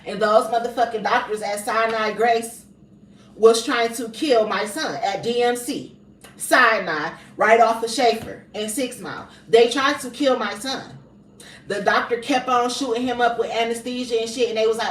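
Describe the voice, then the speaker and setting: A woman's voice: on the high side, moderate pace. Fired-up woman ranting, roomy and distant. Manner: profane, fired up, repeats herself for emphasis. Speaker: mother telling a story on a livestream. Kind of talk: heated storytelling rant. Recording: roomy sound, distant from the mic, faint background noise.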